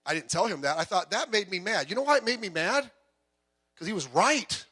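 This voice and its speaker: A man delivers a sermon from the pulpit of a church, speaking through the sanctuary speakers. He talks conversationally, breaking off into asides and personal anecdotes. His voice sits high and sounds bright and forward. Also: lively intonation, a little fast, breathy edge. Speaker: pastor. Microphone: PA microphone heard through speakers.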